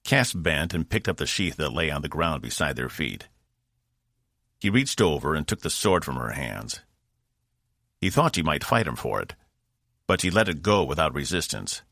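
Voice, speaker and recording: A male audiobook narrator with a very low, gravelly voice that moves a lot in pitch. He tells the story in a measured, steady way. The sound is close and dry. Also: dry recording. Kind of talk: scripted narration.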